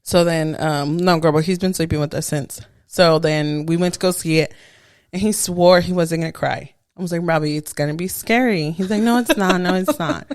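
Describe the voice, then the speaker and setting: Woman cohost telling stories, acts out the quotes, lowish voice, dry close sound. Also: normal speed, no room sound. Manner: animated storyteller, acts out quotes. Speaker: podcast co-host. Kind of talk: casual chat.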